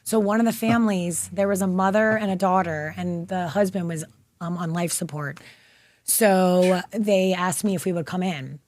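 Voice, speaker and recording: A woman guest in an interview, telling stories in a bubbly, animated way and acting out what people said. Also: fairly low pitch, moderate pace, no room sound. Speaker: guest, therapy dog volunteer. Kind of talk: casual interview storytelling.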